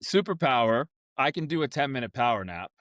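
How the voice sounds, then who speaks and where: A man's voice: medium pitch, sing-song, fairly quick, a bit bright, no room sound, studio quality. A man co-hosting a casual podcast chat, upbeat and earnest. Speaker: podcast co-host.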